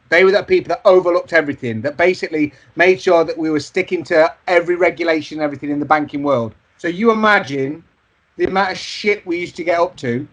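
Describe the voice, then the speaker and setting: High-voiced man telling sweary stories. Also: dull audio. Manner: sweary anecdotal storytelling. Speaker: podcast co-host. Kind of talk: casual chat.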